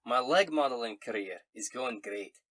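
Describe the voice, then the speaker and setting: A boastful, vain dwarf with a thick Scottish accent, as a man puts him on, hamming it up over a tabletop game. The voice is husky and a little raspy. It sounds dry and close, with no room around it. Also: medium pitch, normal speed, a bit bright, no echo, natural voice. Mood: hammy. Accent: Scottish (put on). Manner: hammy, jokey letter reading. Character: boastful vain male dwarf letter-writer.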